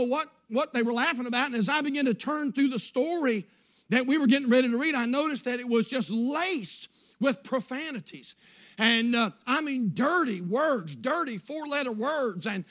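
A man in his fifties preaching a sermon, moving between shouted declarations and quiet, hushed storytelling. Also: very high-pitched. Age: 50s.

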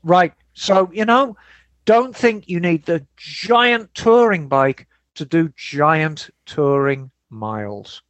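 A man hosting a casual podcast chat, relaxed and rambling, who answers listener emails. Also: a little high, takes it slowly, no echo, muffled recording. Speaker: podcast host.

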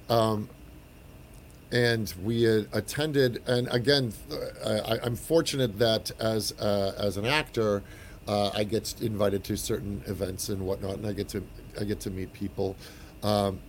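Animated male actor telling stories. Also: on the low side, slight background noise. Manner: animated storyteller, frequent restarts. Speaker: actor and guest. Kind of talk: casual chat, anecdote.

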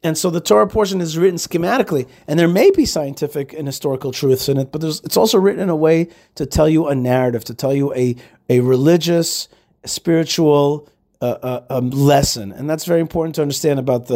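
A man's voice: a little high, fairly quick, a little mellow. A man hosting a show, teaching scripture in a loose, conversational way with frequent fillers and restarts. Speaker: radio show host.

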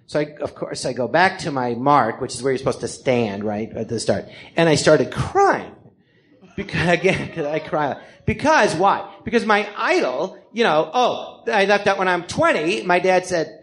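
A man telling a comic story live on stage, animated and rambling, acting out the voices of the people he quotes. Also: high-pitched, moderate pace.

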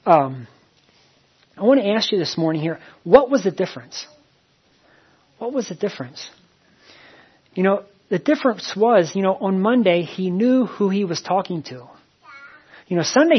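Husky-voiced man preaching casually. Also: sits high. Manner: plain conversational storytelling with many fillers and repeats. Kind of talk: sermon. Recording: dull lo-fi recording.

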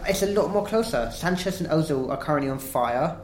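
A man's voice: fairly high pitch, expressive, fairly quick, a little hiss or hum, rough recording. A man from England chatting casually about football as a co-host, hesitant, with frequent restarts. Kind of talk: casual chat.

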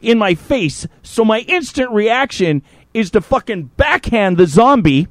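Profane, animated storytelling man. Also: high-pitched, unhurried, dry recording, studio quality. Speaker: podcast host. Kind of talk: casual storytelling chat.

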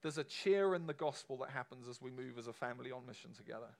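Speaking fast in a gravelly, medium-pitched voice, a man preaches to a congregation. His style is conversational yet emphatic, and he often puts questions to the room.

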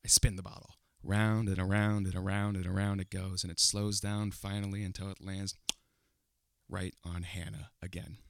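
A young man telling a funny personal story to an audience, animated and often breaking into laughter as he builds the tension. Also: low-pitched, normal speed, gravelly, clean tone, no echo, clean studio sound.

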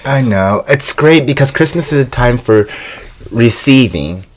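A man's voice: mid-range voice, animated, a little slow, background noise. Dry-talking man in comic banter. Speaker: comedy podcast co-host.

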